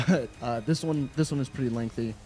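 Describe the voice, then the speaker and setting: A man's voice: medium pitch, moderate pace, a little mellow, faint music behind. A man co-hosting a video game review, talking in a loose, rambling way with laughs and casual swearing. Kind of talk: casual chat.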